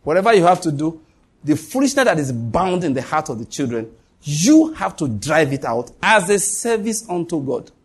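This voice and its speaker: Man, pastor preaching, high voice, husky tone, emphatic and repetitive. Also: big pitch swings, normal speed. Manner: emphatic, repeats points, swings pitch up and down. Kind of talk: sermon.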